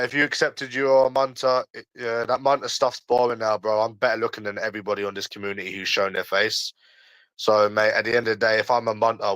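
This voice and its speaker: His voice sits on the low side with a fairly bright tone, recorded without echo but in low quality. A young London-accented livestream host in his early twenties, he answers chat in a casual, slangy, defensive way, arguing and repeating his points.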